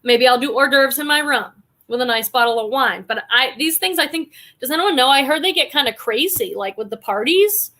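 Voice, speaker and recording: A woman's voice: high voice, animated, fairly quick, few pauses, sharp tone. A woman in her forties hosting a reselling livestream, chatting casually and reading viewer comments aloud with effusive enthusiasm. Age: 40s.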